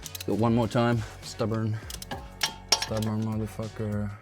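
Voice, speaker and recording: A Swedish car-project vlogger, a native Swedish speaker, mutters, swears and grunts with effort while working on his car, talking to himself casually. His voice is lowish, his delivery completely flat and a little slow, with faint music in the background.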